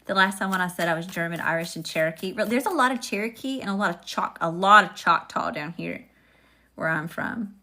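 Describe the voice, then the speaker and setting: A woman's voice: on the low side, fairly quick, bright, forceful tone. A woman, chatting sassily with viewers while giving a casual live-stream tarot reading. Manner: sassy, chatty, talks to viewers. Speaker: tarot reader.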